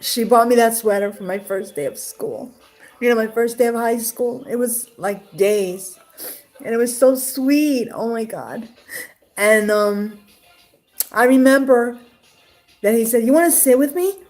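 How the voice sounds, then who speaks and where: A woman's voice: on the high side, measured pace, a little mellow. A woman from Queens tells a personal story in a loose, rambling way. She stumbles through fillers and restarts and comes close to tears at times. Faint music plays behind her. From Queens, New York. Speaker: interviewee sharing her love life.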